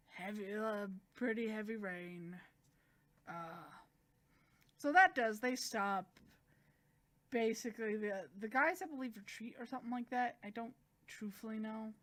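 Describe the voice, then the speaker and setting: A chatty, animated woman retelling a manga plot in a casual review. Her voice runs a little high, and she jumps in and out of the characters' lines. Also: a little slow, pauses often. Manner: chatty, animated, acts out quotes.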